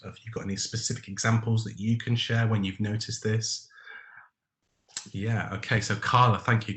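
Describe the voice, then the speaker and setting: A man's voice: fairly low pitch, a bit bright, reverberant. A man leading a live online training webinar, reading out participants' chat answers by name, with frequent ums.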